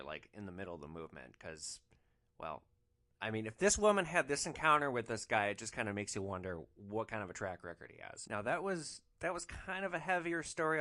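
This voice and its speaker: A man hosting a podcast, telling a rideshare anecdote in a casual, animated way with casual swearing. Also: medium pitch. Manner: animated, swearing, frequent "like" fillers. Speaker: rideshare driver podcast host.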